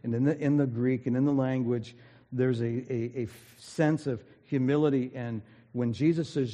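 Male pastor, mid-pitched voice, earnest and emphatic sermon delivery, long hall reverb. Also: normal speed, dark tone. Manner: earnest, emphatic preaching with storytelling build-ups. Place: church sanctuary.

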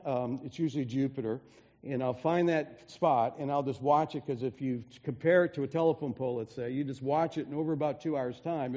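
A pastor preaching a sermon in an earnest way, often restarting phrases and dropping softly for emphasis. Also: male voice, mid-range voice, big-room sound. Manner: earnest, with frequent restarts and soft drops for emphasis.

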